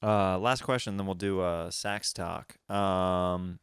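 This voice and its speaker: A man's voice: deep voice, fairly even intonation, takes it slowly, clear, resonant tone, no echo, studio quality. A man hosting a comedy podcast, telling stories about himself in a rambling way with many restarts. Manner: rambling, restarts, self-deprecating. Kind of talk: casual podcast chat.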